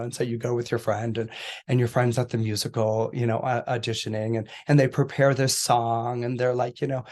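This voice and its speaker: A middle-aged man talking casually about astrology, telling stories with playful quoted voices and laughter. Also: medium pitch. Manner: animated storyteller, acts out quoted voices with laughs. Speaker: astrologer podcast guest. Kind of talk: casual explanatory talk.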